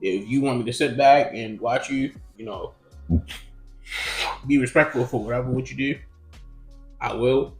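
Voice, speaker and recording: A man's voice: medium pitch, normal speed, long pauses, soft background music. A young man telling a personal story in casual chat, rambling and profane with lots of fillers. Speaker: podcast co-host. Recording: roomy echo.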